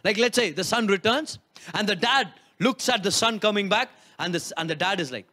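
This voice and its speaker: Pastor preaching, really high bright voice, keeps asking "right?". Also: male voice, lively intonation, normal speed. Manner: emphatic, rhetorical questions, repeats key lines. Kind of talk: sermon.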